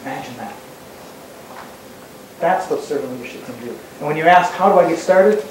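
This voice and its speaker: A man's voice: a little high, fast talker. A man giving a motivational talk to an audience, building up with repeated phrases and rhetorical questions. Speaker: speaker. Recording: very echoey hall, distant mic, faint noise.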